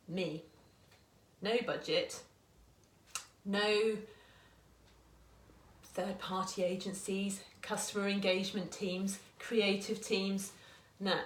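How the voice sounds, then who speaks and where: A woman in her forties, a small business owner, giving earnest, chatty advice to camera and often restarting her sentences. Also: mid-range voice. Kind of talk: casual talking-to-camera advice. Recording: echoey room.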